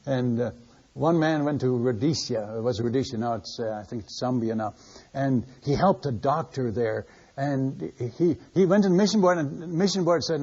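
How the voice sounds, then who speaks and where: A man's voice: mid-range voice, moderate pace, a little mellow, husky. An older man and missionary preacher, telling stories in a folksy, conversational sermon style with a chuckle in his voice. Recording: dull lo-fi sermon recording.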